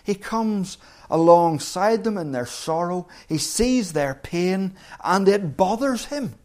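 Earnest preacher, soft then rising. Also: male voice, high voice, animated, takes it slowly. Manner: earnest, with soft hushed quotes and rising emphatic peaks. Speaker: pastor. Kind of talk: sermon.

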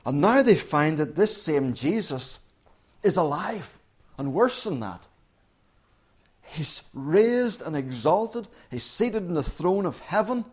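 Dramatic male preacher, slightly high voice. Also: darkish tone. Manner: dramatic, acts out quoted voices with big swings in pitch. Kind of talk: sermon.

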